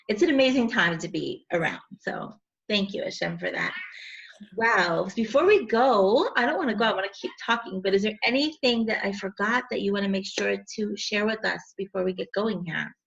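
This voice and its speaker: A woman's voice: medium pitch, normal speed, gravelly, fairly bright tone, lo-fi sound. A woman hosting a podcast interview, talking in an enthusiastic, casual way and mixing in Hebrew religious words. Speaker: podcast host.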